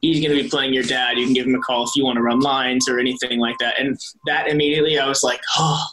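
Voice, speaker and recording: Over a noisy background, a young adult man talks quickly at medium pitch with little movement in his voice. As a soap opera actor on an interview, he rambles through casual stories, keeps restarting and correcting himself, and laughs a lot.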